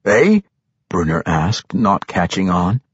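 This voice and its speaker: A man narrating a fantasy novel with expressive storytelling, slowing for suspense. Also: mid-range voice, slightly rough, no room sound, muffled recording. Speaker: audiobook narrator.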